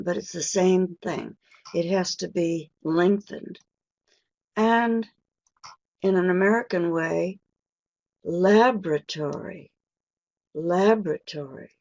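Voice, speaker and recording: An older woman teaches pronunciation in an unhurried, deliberate way, drawing out stressed vowels to show them. Her voice carries a gravelly edge. The sound is dry and close, straight into the mic. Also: on the low side, darkish tone, no room sound, highs cut off. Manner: patient and encouraging with the audience. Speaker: pronunciation teacher giving a webinar. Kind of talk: slow, deliberate lecture.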